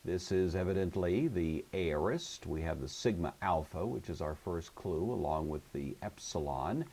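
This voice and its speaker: A man teaching a recorded Greek grammar lesson, explaining methodically and patiently and slowing down to pronounce each example word. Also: deep voice, expressive, mellow, breathy edge.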